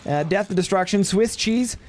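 A man's voice: high voice, normal speed. A man giving casual, jokey play-by-play commentary on a strategy game match, his voice starting to tire. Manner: jokey, excitable, voice going tired.

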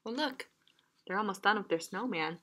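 A woman reading a picture book aloud to young children, gentle and playful, often laughing and asking questions. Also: medium pitch, lively intonation, moderate pace. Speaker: children's librarian. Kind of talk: children's story time reading. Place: library online session.

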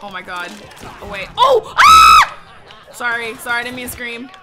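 A young woman streaming a game, chatting casually with loud, excitable outbursts. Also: fairly high pitch, fast talker, loud music behind the voice, over a noisy crowd. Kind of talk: live gameplay commentary. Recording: stream audio with background noise.

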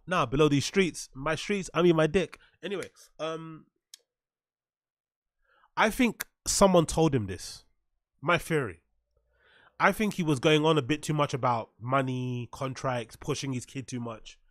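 A man's voice: a little high, a little slow, no echo, clean studio sound. Sarcastic man doing mocking commentary. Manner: sarcastic, swears a lot, reads chat aloud. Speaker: commentary streamer.

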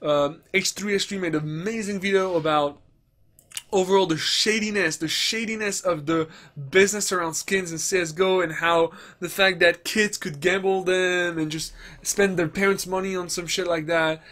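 A man's voice: sits high, steady tone, normal speed, a bit bright. Ranting, profane young-sounding man. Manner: ranting, profane, mocks others in put-on voices. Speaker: gaming commentator. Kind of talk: commentary vlog.

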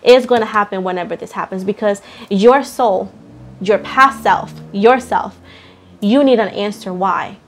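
A woman's voice: mid-range voice, measured pace, faint music behind. A young woman giving a tarot reading to her viewers, emphatic and repetitive, swearing casually and calling them pet names. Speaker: tarot reader.

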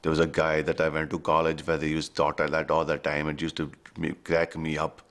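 A man's voice: rumbling low, monotone, fairly quick, fairly bright tone. A man in a casual interview, talking with light humour about playing a character.

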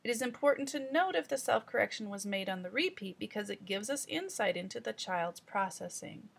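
A woman teaching trainees in an instructional voice-over, explaining deliberately and speaking straight to the viewer. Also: medium pitch, expressive, creaky, slightly rough.

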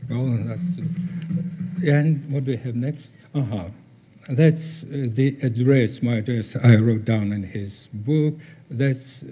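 An older man gives a conference talk over slides, halting, with many pauses and fillers. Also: medium pitch, mellow. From former Soviet Union. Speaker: guest speaker.

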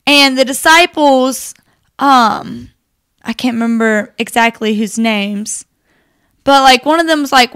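Young woman chatting on a faith podcast, high voice, lots of likes and ums. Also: measured pace, clear, resonant tone. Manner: animated, chatty, filler-heavy. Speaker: podcast co-host. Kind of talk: casual faith discussion.

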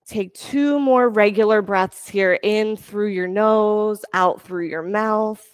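A woman yoga instructor giving calm, encouraging cues for breath and poses during a class. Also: medium pitch, slow pace, clean tone, dry recording.

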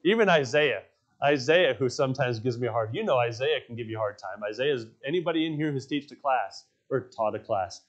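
A man's voice: medium pitch, lively intonation, brisk, highs cut off. A male pastor preaching a sermon in a church, telling stories with emphasis and repeating his key phrases. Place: church sanctuary.

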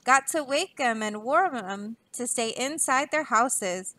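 A woman's voice: a little high, expressive, slow, bright, forceful tone, dry recording, heavily acted. A woman voicing an earnest, anxious page boy while reading a storybook aloud. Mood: urgent. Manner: urgent, pleading.

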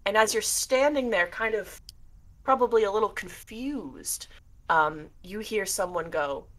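A woman's voice: mid-range voice, a little slow. A young woman narrating a tabletop game as game master, descriptive with many fillers.

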